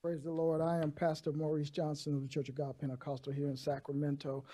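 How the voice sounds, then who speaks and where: A man's voice: fairly high pitch, steady tone, a little fast, few pauses, dark tone. A man, a pastor, giving a declamatory, preacherly public comment at a state hearing.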